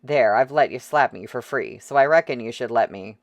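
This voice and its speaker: A reader voicing a crude, jeering man in a crowd who talks in rough slang, in an audiobook. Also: mid-range voice, fairly quick, dry recording, clean studio sound, lightly acted. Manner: sneering, rough slangy talk.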